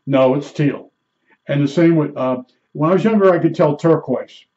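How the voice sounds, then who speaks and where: Man, folksy rambling monologue, fillers and restarts, mellow tone, dull lo-fi recording. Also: a little high, brisk. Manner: imitates beeps with his mouth. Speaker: storyteller. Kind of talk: casual monologue.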